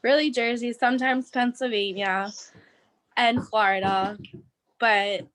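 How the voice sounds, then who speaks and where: Slow-talking woman audience member. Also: fairly high pitch, steady tone, a bit bright, low-quality recording. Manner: chatty, trails off with "like". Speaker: audience member getting a reading. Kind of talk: casual chat.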